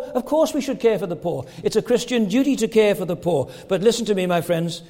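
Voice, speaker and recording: Male pastor, high voice, emphatic sermon delivery with rhetorical questions, church reverb. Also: animated, brisk, few pauses, mellow.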